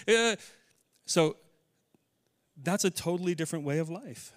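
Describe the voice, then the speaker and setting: A man preaching a sermon in a church, earnest, slowing and softening into prayer. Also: on the high side. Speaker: pastor.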